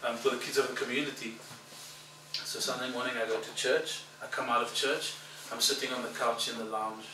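Animated pastor preaching in an echoey hall. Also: male voice, medium pitch, a little fast, background noise. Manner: animated storyteller, acts out dialogue, laughs at own story. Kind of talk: storytelling sermon. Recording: echoey hall, mic at a distance, background ambience.

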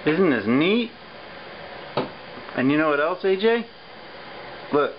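Very low-voiced woman prompting a toddler. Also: expressive, takes it slowly, muffled recording. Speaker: family member at home. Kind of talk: casual home video chat. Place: child's bedroom at home. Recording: noisy home camcorder audio.

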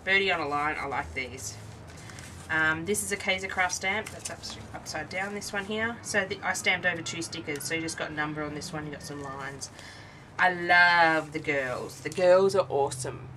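At normal speed, she speaks in a low, pushed and bright voice during a casual craft show-and-tell. The tired Australian woman chats, rambles, and interrupts herself, on a rough recording made far from the mic with a little hiss or hum.

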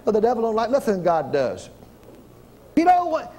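Fervent older preacher. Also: male voice, sits high, wildly swooping pitch, moderate pace, slight background noise. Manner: fervent, preaching in surges, shouting commands, folksy grammar. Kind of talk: sermon.

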